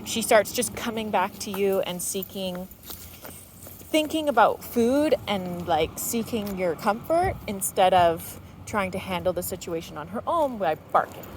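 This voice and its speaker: A woman dog trainer explaining calmly while walking a dog outdoors and breaking into high-pitched praise for the dog. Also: a little slow, slight background noise. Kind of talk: explaining on a walk. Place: outdoors on a neighborhood walk.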